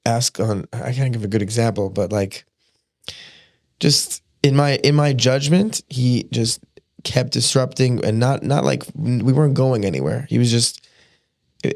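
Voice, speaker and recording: Young man, gravelly voice, animated storytelling, acts out quotes, dry sound. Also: medium pitch, no echo. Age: young adult. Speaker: podcast guest. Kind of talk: casual storytelling.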